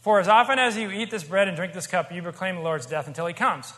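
A man's voice: sits high, quick pace, fairly bright tone. A man preaching a sermon as pastor, conversational and emphatic, with joking asides. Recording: long hall reverb.

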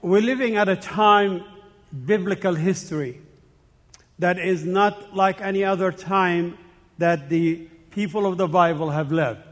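A guest preacher from the Middle East, a man with a fairly high voice, speaking earnestly to a congregation. He mixes personal stories with urgent calls to prayer. His voice rings with the long reverb of a big church hall. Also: steady tone, unhurried. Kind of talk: sermon with anecdotes. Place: church sanctuary.

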